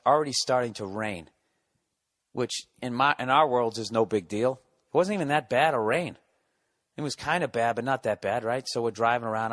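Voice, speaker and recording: A man's voice: mid-range voice, dry recording. A man telling a comic story on his podcast, ranting and swearing as he mocks a nervous friend. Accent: Boston. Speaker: podcast host and comedian. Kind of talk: comedic storytelling monologue.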